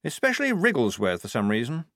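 A man's voice: mid-range voice, wildly swooping pitch, fast talker, fairly bright tone, no echo, studio quality, pitched above the performer's own voice. A man voicing an eager, naive, upper-class young male lieutenant, in a raised, chirpy voice. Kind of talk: audiobook character voice.

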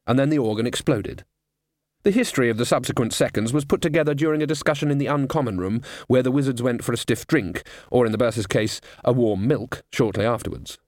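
A man reading an audiobook as narrator in a wry, measured scripted narration. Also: medium pitch, darkish tone, dry recording, studio quality.

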